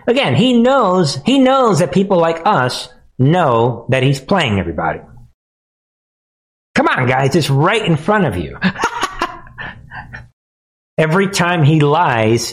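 A man's voice: a little high, big pitch swings, slow, pauses often, poor audio. A man hosting a live political commentary stream, talking in a sarcastic, mocking way and laughing often. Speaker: commentary host.

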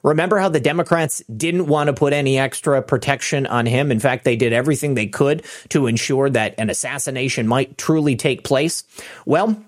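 A man's voice: mid-range voice, a little fast. A man hosting opinionated political commentary, sarcastic and indignant. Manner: sarcastic, indignant, chuckling asides.

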